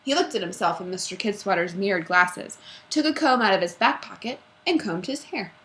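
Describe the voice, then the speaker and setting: A woman reads a children's chapter book aloud. Her voice is bright and expressive, and she slips into character voices as she goes. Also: medium pitch, brisk. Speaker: reader. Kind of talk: storybook read-aloud.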